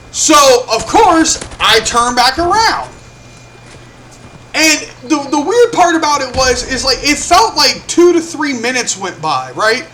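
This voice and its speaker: A young man with a very high, bright, sharp voice tells a story to the camera in a loose, cursing style. He acts out each person's lines as he goes. A faint hiss sits behind him. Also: measured pace. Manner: animated, profane, acts out quotes. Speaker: vlogger. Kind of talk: casual storytelling.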